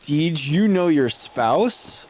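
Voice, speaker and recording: Playful man, slightly high, sing-song, unhurried delivery. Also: lively intonation, darkish tone, a little hiss or hum, rough recording. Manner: playful and silly. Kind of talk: casual chat. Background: game music.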